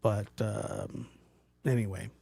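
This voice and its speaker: A man hosting a casual livestream talks straight to his chat in a loose, rambling way. His pitch jumps around with lively animation, and he often breaks off mid-thought and restarts. The sound is dry and close, with no room around it. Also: slow pace, creaky, breathy edge, no echo. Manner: animated, rambling, self-interrupting, mimics voices in quotes. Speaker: livestream host reading chat.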